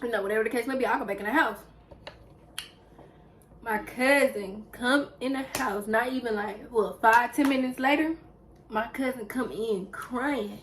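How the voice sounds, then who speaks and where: A young woman vlogger, telling a story in a casual, animated way while eating on camera. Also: a little high, moderate pace, slight background noise, rough recording. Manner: lively, animated retelling with acted quotes. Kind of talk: casual storytelling during a mukbang.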